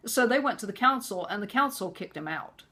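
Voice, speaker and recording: Lady telling her own story on camera, earnest, lots of you knows, mid-pitched voice. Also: lively intonation, a little fast, bright, forceful tone, husky. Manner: earnest, conversational with many "you know" fillers. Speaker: vlogger. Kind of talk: personal storytelling.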